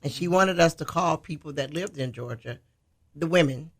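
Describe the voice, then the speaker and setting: A man's voice: fairly high pitch, moderate pace. A man from Detroit, co-hosting a radio talk show, telling a story in casual chat and laughing often.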